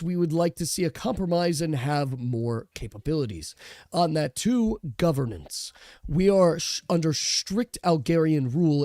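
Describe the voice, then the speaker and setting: A man playing a solemn male resistance leader, speaking formally and measured. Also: on the high side, dark tone, no echo, clean studio sound.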